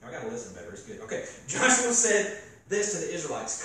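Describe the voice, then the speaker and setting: An animated man preaching a casual sermon and joking with his listeners. His voice sits fairly high and is picked up from a distance. A big, echoey hall with a faint hiss surrounds him. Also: quick pace, hardly any pauses. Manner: animated, joking, talks to the crowd. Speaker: youth preacher. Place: church gathering hall.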